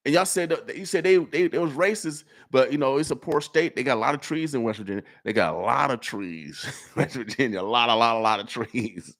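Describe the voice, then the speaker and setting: A man from Nebraska hosting a morning radio show, talking in an animated way that repeats itself and exhorts like a preacher. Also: medium pitch, fairly quick. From Nebraska, USA. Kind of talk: casual radio talk. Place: radio studio.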